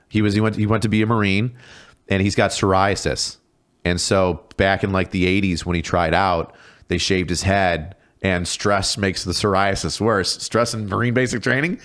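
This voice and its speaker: Podcast guest, male, 30s, lower voice, swearing storyteller who acts out the people in his stories. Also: fairly bright tone. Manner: profane, laughing storyteller, acts out quoted voices. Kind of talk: casual storytelling chat.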